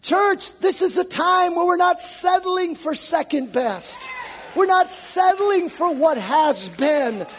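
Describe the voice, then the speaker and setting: A man's voice: extremely high pitch, lively intonation, takes it slowly, fairly bright tone, slight background noise. A man preaching a sermon as a worship leader, impassioned and emphatic. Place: church sanctuary. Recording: long reverb of a large hall.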